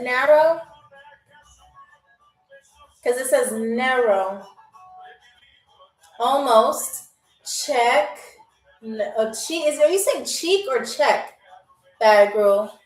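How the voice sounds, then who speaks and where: A playful woman from New York hosts a live-stream game show, her high voice chatting easily with viewers. She sits back from the mic in a roomy, echoey space. Soft music plays underneath. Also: lively intonation, takes it slowly, long pauses, recorded from a distance.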